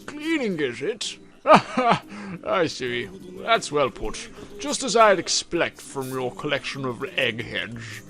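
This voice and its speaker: A man voicing a plump elderly male detective, slow, oily and mock-polite, reading game dialogue aloud. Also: mid-range voice, big pitch swings, sharp tone, faint music behind, heavily acted.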